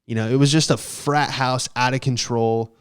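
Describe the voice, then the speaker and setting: Young man, podcast host, smooth, rambling, swears, casual storytelling. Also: mid-range voice, steady tone, moderate pace. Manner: rambling, profane, heavy on fillers.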